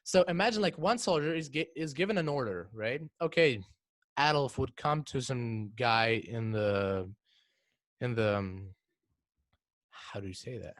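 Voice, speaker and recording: A teenage boy co-hosts a casual podcast chat, working through his explanations in halting bursts and repeating words as he goes. His voice sits at an ordinary pitch for a young man. The sound is close and dry, with no room around it. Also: dry recording. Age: teens. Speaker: podcast co-host.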